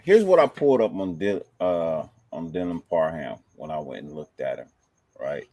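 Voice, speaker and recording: A relaxed man with a fairly low voice talks through his picks in easy slang, shouting out viewers by name. The sound is close and dry, with no room around him. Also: normal speed, dry recording. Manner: laid-back, slangy, reads viewer comments. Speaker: fan show host. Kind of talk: casual sports chat.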